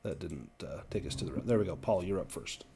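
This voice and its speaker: A man acting as game master, narrating a tabletop horror game in a measured, descriptive way. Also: low-pitched, expressive, gravelly, crowd noise.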